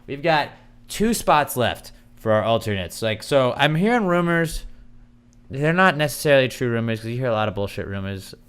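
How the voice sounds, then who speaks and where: Smooth-voiced rambling podcast guy. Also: fairly low pitch, a bit bright. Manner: rambling, swears, many fillers. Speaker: podcast co-host. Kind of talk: casual chat.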